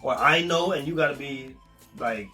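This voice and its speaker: A man's voice: medium pitch, moderate pace, pushed and bright, faint music behind. A man chatting loosely with his girlfriend in a couple vlog, slangy and full of swearing. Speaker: vlog co-host, boyfriend. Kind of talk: casual couple chat.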